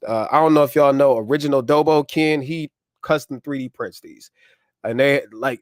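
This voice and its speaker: A man's voice: medium pitch, dry recording, studio quality. A man hosting a casual live stream, chatting loosely with viewers and reading out their comments, on a clip-on wireless mic.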